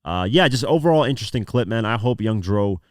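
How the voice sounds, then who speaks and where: A man's voice: fairly low pitch, expressive, fairly quick, dry recording, clean studio sound. A young man hosting a podcast, telling a story in a loose, rambling way with lots of fillers. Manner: rambling storytelling, frequent "you know" and "man". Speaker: podcast host. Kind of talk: casual solo commentary.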